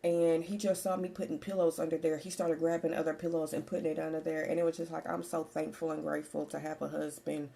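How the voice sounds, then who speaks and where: A woman in her forties speaks candidly and in a chatty way to her vlog audience, looping back over her points. Her voice sits low and has a gravelly edge. The tone is dark and mellow. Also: little pitch movement, quick pace, hardly any pauses. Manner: candid, chatty, repeats herself. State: slightly out of breath. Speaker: vlogger. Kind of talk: casual personal vlog.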